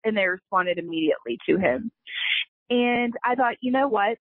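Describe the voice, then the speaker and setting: Speaking at a normal speed in a slightly high voice, a female company founder shares her story as an interview guest, earnest and emotional throughout. The casual storytelling exchange is recorded over a tinny phone line, dry and without echo.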